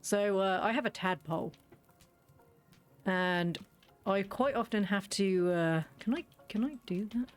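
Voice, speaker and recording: Chatty woman streamer. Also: medium pitch. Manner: chatty, rambling, self-correcting, laughing often. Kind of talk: let's play commentary.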